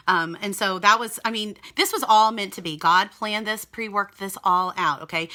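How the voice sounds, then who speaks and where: A young woman recounts a personal testimony in a casual, earnest spoken style. She talks straight to her audience, and her voice is bright and clear. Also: mid-range voice. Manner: earnest, emotional, addresses viewers as "you guys". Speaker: mother sharing a personal testimony.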